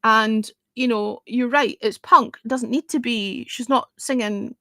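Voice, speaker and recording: A woman hosting a music review livestream, talking in a rambling, casual way and dropping the odd swear word. Her voice sits a little on the high side for a woman. The sound is dry and close, with no room echo. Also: fairly even intonation, a little slow, vocal fry, fairly bright tone. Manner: chatty, rambling, peppered with "you know" and the odd swear word.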